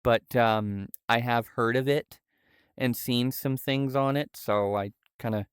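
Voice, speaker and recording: A young man streaming live, speaking in a halting, soft-spoken way with many fillers. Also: mid-range voice, steady tone, clean tone, no echo, clean studio sound. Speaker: livestreamer. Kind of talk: casual livestream chat. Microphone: VR headset setup.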